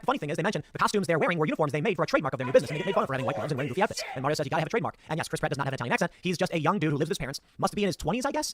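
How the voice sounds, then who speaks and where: A male commentator who rattles off his points at great speed, his voice swinging high and low. He reads a movie review aloud and picks it apart with sarcastic asides. The recording is dry and close. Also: dry recording. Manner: rapid, lively delivery with sarcastic asides. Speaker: political commentator.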